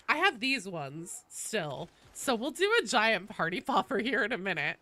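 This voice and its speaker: A woman with a cold, streaming a game live from her desk at home. Her fairly high voice leaps all over the place as she exclaims and thanks viewers. Steady background noise sits under the audio. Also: measured pace, hardly any pauses. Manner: excitable, exclamatory, swears and laughs often. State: has a cold. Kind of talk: live gaming stream chatter.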